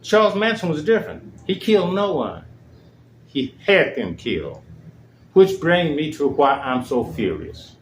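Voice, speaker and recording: A man's voice: on the high side, very animated, measured pace, a little hiss or hum. A man hosting his own show, delivering an indignant, emphatic monologue. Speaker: show host. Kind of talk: angry monologue. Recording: echoey room.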